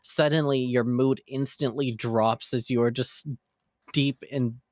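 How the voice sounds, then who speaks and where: Calm, descriptive dungeon master man. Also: medium pitch, measured pace, no echo, clean studio sound. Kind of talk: narrating a tabletop game.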